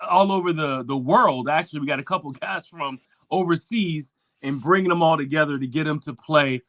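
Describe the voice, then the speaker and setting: A man's voice: on the high side, brisk, fairly bright tone, dry recording. A man hosting a sports talk show, talking casually with lots of fillers and restarts.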